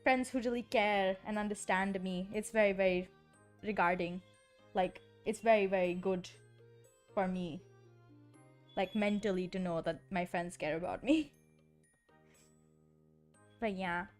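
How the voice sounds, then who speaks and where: A woman's voice: mid-range voice, fairly even intonation, unhurried, pauses often, faint music behind. A woman streamer in casual chat, rambling with lots of "like" and frequent giggles. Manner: giggly, rambling, heavy use of filler "like".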